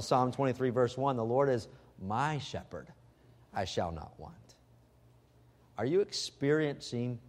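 A man preaching a sermon. He swings from loud, emphatic stretches to hushed, intimate appeals, and he often repeats words as he restarts a phrase. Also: medium pitch.

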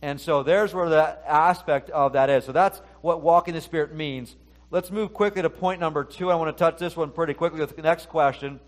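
A man's voice: a little high, fairly even intonation, a little fast. A middle-aged male pastor giving a conversational sermon, talking to the congregation and acting out the inner voices he quotes.

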